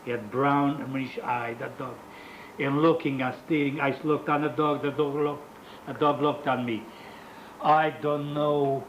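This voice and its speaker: Older man, survivor testimony interview, very slow, halting, frequent restarts, non-native English phrasing. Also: medium pitch, slight background noise, low-quality recording. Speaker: Holocaust survivor giving testimony. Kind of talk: recorded oral history interview.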